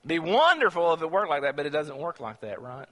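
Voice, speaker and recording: Preacher guy giving a sermon, kinda high pushy voice, big hall echo. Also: very animated, fast talker, a bit bright. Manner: emphatic, rhetorical questions to the congregation.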